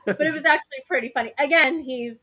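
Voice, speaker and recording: A woman co-hosting a casual chat, telling an animated story and laughing often. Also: sits high, fast, soft background music. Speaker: co-host.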